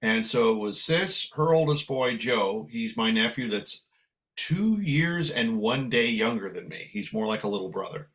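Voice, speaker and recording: A man from San Francisco, a guest musician telling a long story in a lively, animated way. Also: medium pitch, moderate pace. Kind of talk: casual storytelling.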